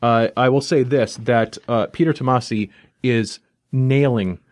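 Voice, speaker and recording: A man's voice: mid-range voice, fairly even intonation, a little slow, no echo. A man co-hosting a comics podcast, introducing a comic book in an upbeat, conversational way. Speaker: podcast co-host, comics reviewer. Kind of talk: casual chat, comic review.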